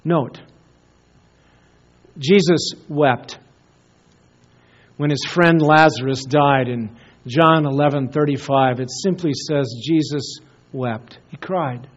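Man, pastor, sermon, earnest, hushed drops, high voice, muffled lo-fi sound. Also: takes it slowly, pauses often. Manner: earnest, often dropping to a hushed, soft voice. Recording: dull lo-fi recording.

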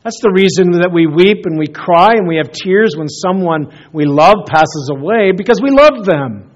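A man preaching a sermon as pastor, earnest, often dropping to a hushed soft voice and repeating words as he searches for them. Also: high-pitched, lively intonation, moderate pace. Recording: dull lo-fi recording.

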